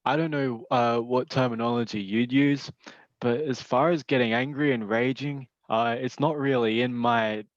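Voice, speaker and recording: A man in casual chat, easygoing and hesitant, pausing on fillers and laughing often. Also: mid-range voice, steady tone, no room sound. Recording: slightly muffled, dry sound.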